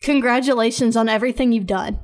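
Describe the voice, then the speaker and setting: A woman's voice: fairly high pitch, steady tone, fast. Upbeat woman podcasting. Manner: earnest, rambling, encouraging. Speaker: podcast host. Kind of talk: casual podcast monologue.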